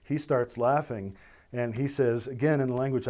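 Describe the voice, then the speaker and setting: A middle-aged man, a military officer, recounting a personal story in an animated way, slipping into the voices of the people he describes. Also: mid-range voice, moderate pace. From United States. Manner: animated storytelling, voicing others in dialogue.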